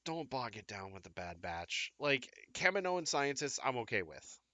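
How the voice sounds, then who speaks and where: A man co-hosts a live fan chat show, talking in a casual, rambling way with many fillers and restarts. His voice is bright and forceful, with a mid-range pitch for a man. The sound is dry and close. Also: big pitch swings, normal speed, no echo. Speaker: podcast co-host.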